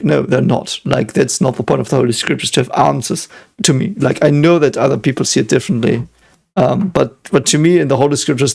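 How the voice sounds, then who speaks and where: A man with a gravelly, creaky voice gives casual reaction commentary. He muses out loud in a reflective, analytical way. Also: medium pitch. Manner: reflective, thinking aloud, analytical. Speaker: physicist reacting to an anime episode.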